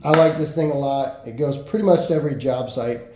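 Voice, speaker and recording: A man giving a relaxed, matter-of-fact hands-on walkthrough of a product he is reviewing. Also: mid-range voice, brisk. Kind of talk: casual hands-on product demo. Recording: roomy echo, faint background noise.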